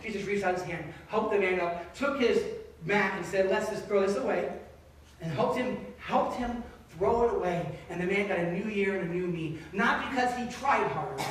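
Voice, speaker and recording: Male pastor, 30s, high voice, lively chatty sermon, booming church echo, mic far away. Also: a little hiss or hum. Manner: conversational, animated preaching. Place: church sanctuary. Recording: echoey sanctuary, distant mic.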